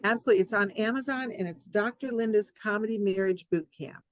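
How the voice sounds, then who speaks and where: Appearing as a podcast guest, a psychologist and author jokes playfully and reads from her book with animation. She talks fast in a mid-range voice, and the recording is rough but free of echo.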